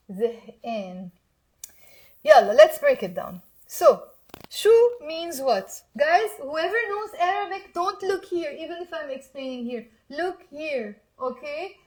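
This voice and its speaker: A woman from Mount Lebanon with a Lebanese accent, speaking in a slightly high, lively voice. She teaches Arabic casually and keeps urging her learners to repeat aloud with her. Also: a little slow. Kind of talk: casual language lesson.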